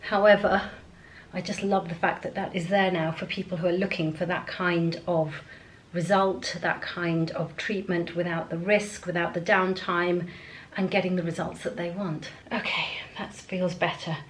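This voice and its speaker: A woman's voice: on the low side, level tone, moderate pace, a little hiss or hum, poor audio. A woman chatting to camera as a beauty vlogger, rambling on while she gets ready at home. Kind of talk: casual chat to camera. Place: at home, indoors.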